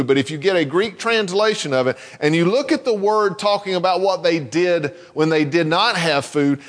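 A man with a high voice preaches a sermon, his words ringing with the long reverb of a big hall. He talks in a conversational way, often repeating a word or restarting a phrase as he goes. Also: fairly bright tone. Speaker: pastor.

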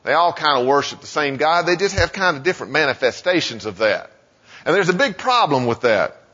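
A man preaching a sermon in a casual, conversational way, full of "you know" asides and quick voiced quotes. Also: fairly high pitch, big pitch swings, pushed and bright. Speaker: pastor. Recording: muffled sound with long hall reverb.

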